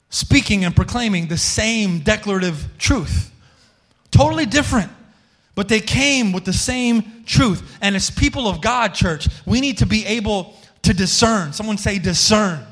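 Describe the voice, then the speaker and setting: A pastor in his thirties delivers a sermon with a notably high voice. He talks loosely and jokes with the congregation, often restarting his sentences. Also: a bit bright. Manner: conversational, joking, many restarts.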